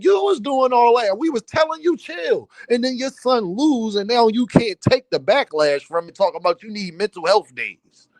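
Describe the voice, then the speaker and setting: A man's voice: very high voice, no echo. A man hosting a boxing live stream, ranting heatedly to his chat in slangy, insistent talk.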